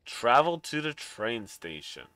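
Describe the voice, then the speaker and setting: A man's voice: mid-range voice, big pitch swings, unhurried, bright, forceful tone, dry recording. A man streaming a video game, chatting casually and reading in-game notes aloud with animation. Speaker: gaming streamer. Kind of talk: casual gameplay commentary.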